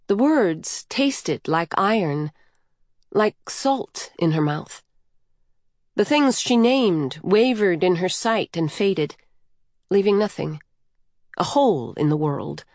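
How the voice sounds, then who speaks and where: Woman, audiobook narration, slow pace, dry close mic, measured. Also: medium pitch, lively intonation, a little mellow, dry recording. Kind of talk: scripted narration.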